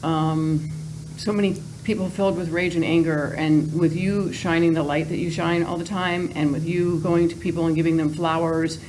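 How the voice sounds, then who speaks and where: A woman's voice: deep voice, fairly even intonation, moderate pace, a little mellow, a little hiss or hum, poor audio. A woman appearing as a talk show guest, grateful and gushing, laughing often. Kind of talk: casual talk show chat.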